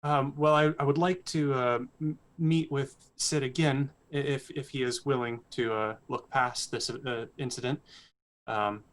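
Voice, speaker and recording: A man's voice: medium pitch, steady tone, unhurried, fairly bright tone, natural voice. A man speaking in character as an earnest, diplomatic male cleric, hesitant and stammering with uhs and ums. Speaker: player. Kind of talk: in-character role-play.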